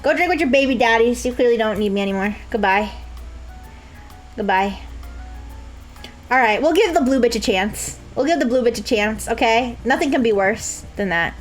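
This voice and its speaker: A young woman streaming a game, joking and laughing a lot with high squeals. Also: animated, fast, hardly any pauses, soft background music. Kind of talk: casual game commentary.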